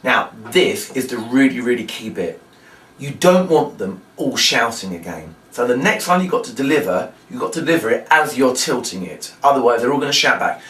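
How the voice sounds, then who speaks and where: A male magician gives a chatty, step-by-step instructional demonstration of a trick in a brisk, mid-range voice that is a bit bright and swings widely in pitch. Sound is roomy and distant, with faint background noise.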